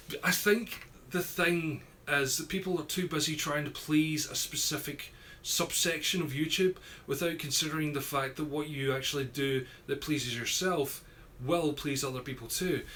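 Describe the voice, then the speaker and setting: A man's voice: on the high side, normal speed, bright, forceful tone, a little hiss or hum. A young Scottish man with an Ayrshire accent, chatting casually on a live stream and reading out viewer comments in a rambling, easygoing way. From Scotland. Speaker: YouTuber streaming a Q&A.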